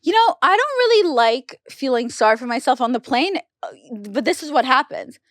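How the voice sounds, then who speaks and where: A young woman talking casually on a podcast, telling a personal story with animated, acted-out quotes. Her voice sits somewhat high. The sound is dry and close, with no room around it. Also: brisk, no echo. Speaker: podcast guest. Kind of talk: casual chat.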